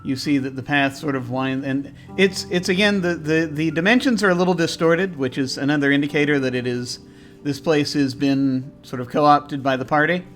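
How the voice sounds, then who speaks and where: A man's voice: on the high side, moderate pace, hardly any pauses, a bit bright, soft background music. A man narrating a tabletop game as game master, hesitant, with many ums and restarts.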